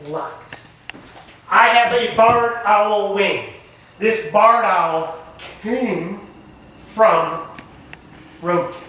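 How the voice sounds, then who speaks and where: High bright man teaching in an echoey room. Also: a little hiss or hum. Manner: animated, asks the group questions. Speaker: camp naturalist instructor. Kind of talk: hands-on nature lesson. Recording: echoey room recorded from far off.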